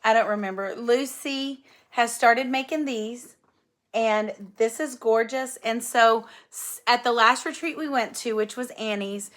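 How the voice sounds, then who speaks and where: A woman's voice: fairly high pitch, unhurried, a bit bright. A woman hosting a cross-stitch video, chatting casually and gushing enthusiastically over gifts she shows. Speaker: flosstube host. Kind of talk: casual show-and-tell chat.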